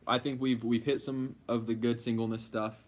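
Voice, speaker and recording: A man co-hosting a casual live Q&A, playfully reluctant, with quick asides. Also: mid-range voice, flat delivery. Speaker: co-host of a couple's live Q&A. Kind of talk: casual live-stream chat.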